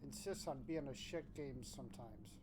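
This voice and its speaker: A man streaming a game, reading chat aloud in a laid-back, drawn-out way, thinking aloud with restarts. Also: medium pitch, animated, noisy background.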